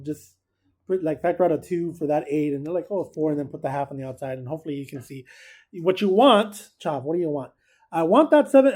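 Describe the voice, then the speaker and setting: A man's voice: sits high, warm tone. A man teaching a casual recorded math lesson, chatty and joking, who keeps quizzing his students.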